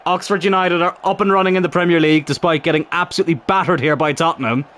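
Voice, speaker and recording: A man's voice: on the high side, steady tone, quick pace, a bit bright. Male gaming commentator, exasperated and profane, faint noise in the background. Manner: frustrated, swearing, talks to the players on screen. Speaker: gaming YouTuber playing a football career mode. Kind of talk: live gameplay commentary.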